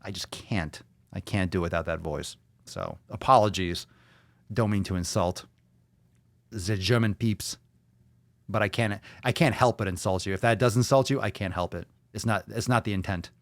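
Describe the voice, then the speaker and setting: A man's voice: fairly low pitch, normal speed, dry recording. A man hosting a podcast in a brash, profane, mocking rant. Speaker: podcast host. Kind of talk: casual ranting podcast talk.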